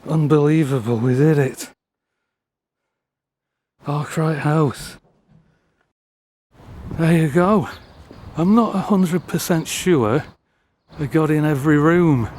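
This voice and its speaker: A man's voice: a little high, slow pace, pauses often, a little mellow. A man talking to his handheld camera while exploring a derelict building, out of breath and muttering wry asides to himself. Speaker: urban explorer vlogger. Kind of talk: casual running commentary while exploring. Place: derelict building with cellar and broken glass. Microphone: handheld camera mic while holding a torch.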